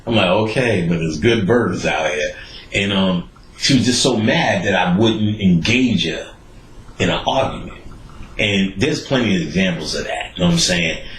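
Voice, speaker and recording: A man hosting a podcast, telling stories in a profane, animated way and acting out the people he quotes. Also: sits low, normal speed, echoey room, low-quality recording. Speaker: podcast host. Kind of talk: casual storytelling monologue.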